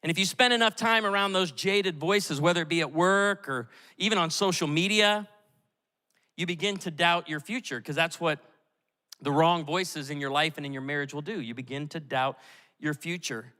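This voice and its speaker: A middle-aged male pastor delivers a sermon with lively storytelling, acting out the voices he quotes. His voice is bright and sits slightly high. It rings with the long reverb of a large church auditorium. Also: normal speed.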